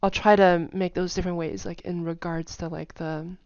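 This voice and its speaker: Woman teacher, lowish gravelly voice, chatty and filler-heavy, dry dull recording. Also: level tone, normal speed, a little mellow, no echo. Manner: chatty, many fillers, repeats example phrases. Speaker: language teacher. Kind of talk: casual explanatory lesson.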